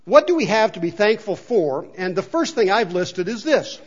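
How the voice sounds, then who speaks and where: A man's voice: high voice, very animated, normal speed, husky, muffled recording. A man preaching a sermon in a chapel, talking conversationally and asking the congregation questions. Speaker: pastor. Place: church chapel.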